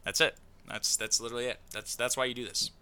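A man's voice: medium pitch, little pitch movement, fast talker, sharp tone, smooth. A man hosting a casual podcast chat, loose and joking, full of fillers and playful asides. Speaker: podcast host.

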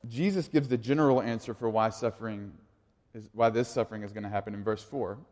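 A pastor in his thirties preaching a sermon in a casual, conversational way, moving from quiet asides to lively storytelling. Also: lowish voice, fast. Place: church sanctuary. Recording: long reverb of a large hall.

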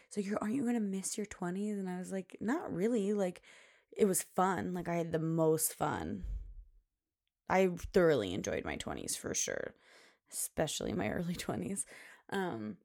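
A woman's voice: low voice, gravelly, darkish tone. A woman in her late twenties hosting a solo podcast about motherhood, talking in a chatty, rambling way full of "like" fillers. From Pacific Northwest US. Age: 20s. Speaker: podcast host. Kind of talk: casual solo podcast chat.

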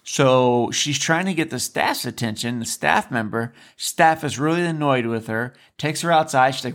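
Speaking at a moderate pace with few pauses, the man has a mid-range, slightly bright voice. A former resident appearing as a podcast guest, he tells casual stories earnestly, often repeating himself and starting sentences over.

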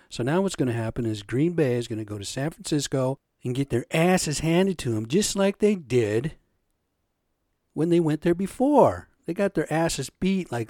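A man's voice: medium pitch, a little mellow, no echo, studio quality. A man hosting a solo podcast, ranting in a profane, agitated way. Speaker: podcast host.

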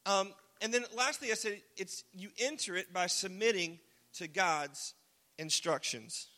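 A man preaching a casual, joking sermon, now and then shouting single words for emphasis. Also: high-pitched, measured pace. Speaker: pastor. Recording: long hall reverb.

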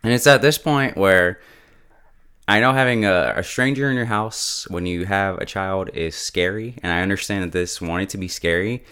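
A man casually recapping a TV episode beat by beat, chatty and quick to joke and laugh. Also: deep voice, sharp tone, clean tone. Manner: chatty, laughs often, quips. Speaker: show reviewer.

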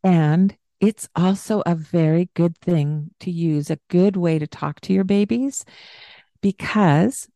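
Slow, warm-toned woman host, breaks into sing-song baby talk for examples; dry close mic. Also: lowish voice, dry recording. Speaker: parenting podcast host. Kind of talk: casual explanatory chat.

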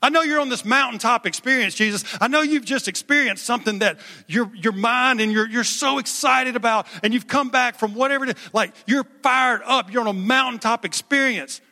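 A man voicing God as a proud, loving father who speaks to his son with excitement. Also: very high-pitched, a little fast, few pauses, pitched above the performer's own voice, heavily acted. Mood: proud, urging. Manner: excited, warm, pleading. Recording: long hall reverb.

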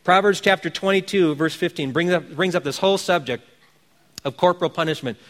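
A man's voice: a little high, a little fast, in a large hall. A man preaching a sermon, earnest and exhorting, often repeating phrases for emphasis.

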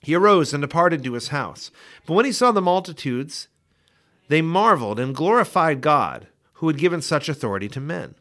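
A man reading Bible passages aloud for a daily scripture podcast, in a measured, expressive way. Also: fairly high pitch. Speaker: scripture reader.

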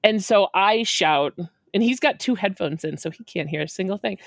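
A woman in her forties telling a story in an animated way, acting out quotes and laughing often. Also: mid-range voice, normal speed, gravelly, no room sound, studio quality. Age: 40s.

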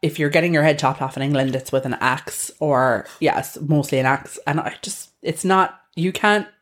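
A woman's voice: low voice, moderate pace. A woman co-hosting a podcast in casual chat, rambling through tangents with lots of fillers. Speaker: podcast co-host.

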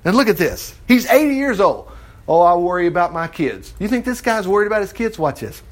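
A man teaching an informal Bible study, reading scripture aloud and breaking in with lively comments. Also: high voice, a little fast.

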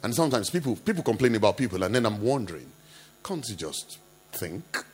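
A male pastor preaching an impassioned sermon, jumping between quiet asides and loud rebukes full of rhetorical questions. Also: on the low side, sing-song, fairly quick, breathy edge.

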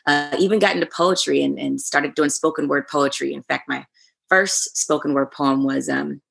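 A woman from Oklahoma, a church arts pastor, telling her story as a guest in a relaxed way. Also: low-pitched, moderate pace, creaky, slightly rough, soft background music. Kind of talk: casual interview.

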